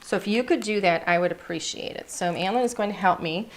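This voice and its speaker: A woman at a middle pitch, chatting through a craft product showcase. She gushes over every piece and now and then trails off while searching for the right word. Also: a little fast, very noisy. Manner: gushing, chatty, searching for words.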